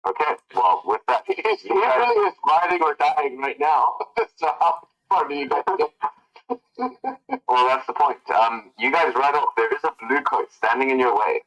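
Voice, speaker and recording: A man's voice: mid-range voice, very animated, moderate pace, creaky, fairly bright tone, lo-fi sound. A man acting as game master, narrating scenes and working out the rules aloud. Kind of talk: narrating and ruling a tabletop game.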